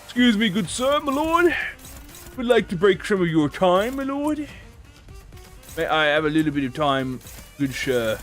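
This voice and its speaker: Man doing a high-pitched, overly polite courtly gent, exaggerated and mock-formal. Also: very animated, measured pace, long pauses, soft background music. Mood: mock courteous.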